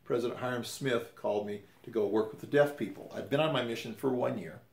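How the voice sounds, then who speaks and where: A man's voice: medium pitch, fast, gravelly. A man in his fifties casually telling a personal story, rambling and correcting himself as he goes. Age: 50s. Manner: rambling, self-correcting, conversational. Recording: roomy echo.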